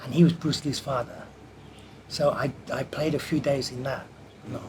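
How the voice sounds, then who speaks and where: A man telling a lively anecdote from his film career in an interview, acting out the quoted voices as he goes. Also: medium pitch, normal speed, slight background noise. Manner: animated anecdote teller who acts out quotes. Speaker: martial artist and film stunt performer. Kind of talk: storytelling in an interview.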